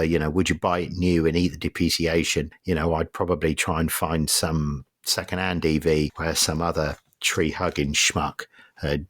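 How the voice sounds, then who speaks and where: A deep-voiced middle-aged Englishman talks through a car review in a loose, rambling way, blunt and wry, with swearing. The sound is dry and close, with no room around it. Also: a bit bright, breathy edge, no echo. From England. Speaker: podcast host. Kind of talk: casual car review chat.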